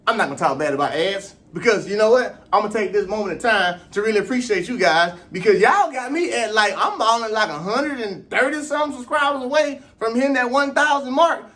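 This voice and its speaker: A man hosting his own sports vlog, talking about sprinting in an animated, slangy, exclaiming way. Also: sits high, brisk, few pauses. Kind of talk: casual sports commentary.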